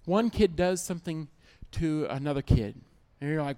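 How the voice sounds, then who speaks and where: A man's voice: a little high, expressive, normal speed, dark tone. A man preaching a sermon as pastor, emphatic, repeating key lines and acting out little everyday scenes.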